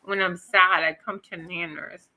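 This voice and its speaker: A woman chatting on a livestream panel, emotional and profane, swinging between soft confessions and loud outbursts. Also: lowish voice, fairly even intonation, unhurried, rough recording. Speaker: stream panel guest. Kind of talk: casual livestream chat.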